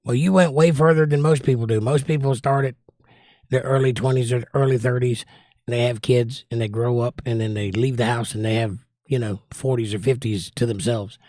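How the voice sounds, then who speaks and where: A man's voice: mid-range voice, fairly quick, no room sound, clean studio sound. A man hosting a casual livestream from home, chatting loosely and reading viewer comments aloud at his desk microphone. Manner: relaxed, rambling, reads viewer comments aloud. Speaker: livestream host reading chat. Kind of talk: casual chat. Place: indoors at home by a window.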